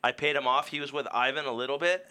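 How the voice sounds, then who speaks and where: A man's voice: medium pitch, quick pace, pushed and bright, clean tone. A man in a studio radio talk show, arguing bluntly and swearing in exasperation. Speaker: racer guest. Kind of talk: heated studio radio banter.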